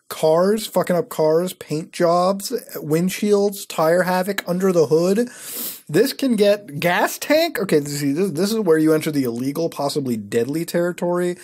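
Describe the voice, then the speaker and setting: A man's voice: fairly high pitch, a little mellow. A man hosting a casual commentary video, reading a web page aloud and reacting with sarcastic, profane disbelief. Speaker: host.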